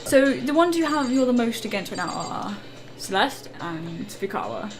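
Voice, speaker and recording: A woman's voice: fairly high pitch, big pitch swings, moderate pace, low-quality recording. A woman co-hosting a casual game playthrough, chatty and explaining with lots of "like.". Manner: chatty, uses many "like" fillers while explaining. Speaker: let's play co-host. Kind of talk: casual gameplay chat. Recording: game music playing underneath.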